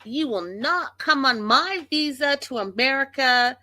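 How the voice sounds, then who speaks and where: A woman's voice: high voice, expressive, measured pace, pushed and bright, dry recording, voice pushed up, heavily acted. A woman acting out a furious reality-star woman who screams, curses and rants shrilly. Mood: cursing.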